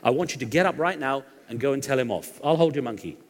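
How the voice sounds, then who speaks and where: Brief: a man doing a pushy, indignant elderly woman, quick-spoken, stage hall reverb. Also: medium pitch, animated, background noise, close to an everyday voice. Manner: insistent, coaxing. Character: bossy, indignant old woman on a bus.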